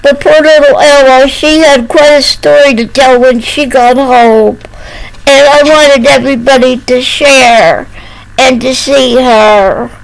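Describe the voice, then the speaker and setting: An older woman telling a homespun story to the camera in a slow, doting, sing-song voice, slipping into baby talk. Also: sits high, fairly even intonation, creaky, low-quality recording.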